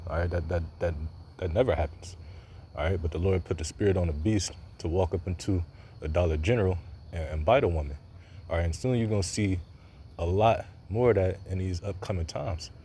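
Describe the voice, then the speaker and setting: A man with a deep, low voice delivers informal religious commentary. His speech wanders, full of fillers and restarts, with a mellow, dark tone. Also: a little fast, a little hiss or hum. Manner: informal, loose, many fillers and repeated "all right". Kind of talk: preaching commentary on a video.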